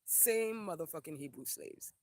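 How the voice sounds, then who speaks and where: A man's voice: fairly high pitch, expressive, moderate pace, a little mellow, no room sound, studio quality. A man from Haiti hosting a casual livestream, reading viewer comments aloud and ranting in a profane, emphatic way that repeats phrases for emphasis.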